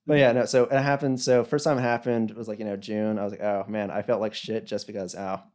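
A man's voice: on the low side, little pitch movement, fast, darkish tone. A young man telling a story in casual chat, rambling, with many "like"s and "you know"s.

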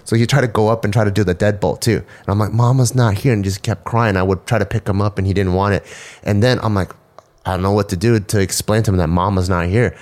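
Man podcast co-host, slightly low voice, animated anecdotes, curses casually. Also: fast talker. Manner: animated storyteller, swears, jumps high when imitating a toddler. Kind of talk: casual podcast chat, storytelling.

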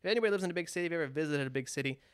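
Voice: medium pitch, very fast, clear, resonant tone, no echo, clean studio sound. A speaker from California telling a long personal story in casual chat, acting out quotes with lots of restarts. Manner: animated, acts out quotes, frequent restarts.

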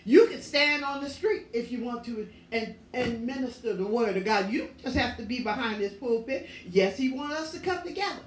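Woman preacher, emphatic and repetitive, higher voice, recorded far off in a roomy church. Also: animated, moderate pace, few pauses. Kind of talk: sermon. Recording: echoey room, voice from far off.

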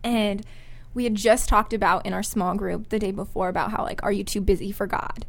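A woman's voice: mid-range voice, steady tone, a little fast, vocal fry. A young woman co-hosting a podcast, telling a story in a chatty, giggly way with lots of filler words. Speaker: podcast co-host. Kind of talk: casual storytelling chat.

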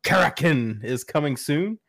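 A man's voice: on the high side, expressive, unhurried, vocal fry, a bit bright, no echo, clean studio sound. A man in a casual podcast chat, relaxing into gaming news with a wry tone. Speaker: podcast co-host presenting news.

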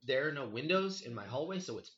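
Brief: young guy, bright forceful voice, animated and sweary, muffled lo-fi sound. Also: mid-range voice, quick pace. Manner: animated, swearing, heavy on 'like' and 'dude'. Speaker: storyteller. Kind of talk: casual storytelling chat.

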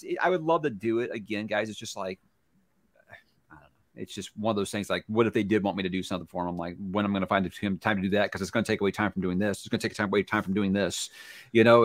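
A man hosting an interview, talking in a lively, rambling way with many restarts. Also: on the low side, no echo, clean studio sound. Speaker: host. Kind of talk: casual interview chat.

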